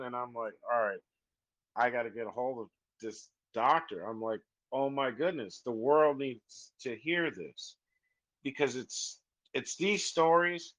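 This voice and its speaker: A man hosting a group call, telling a story in an earnest, animated way, with frequent "I'm like" asides. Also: mid-range voice, low-quality recording. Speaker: host.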